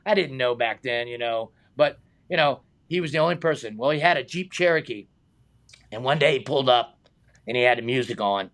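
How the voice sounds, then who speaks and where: A middle-aged man, a stunt man telling animated anecdotes in a casual interview, acting out the voices of the people in them and laughing often. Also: mid-range voice. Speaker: stunt man and high diver, guest.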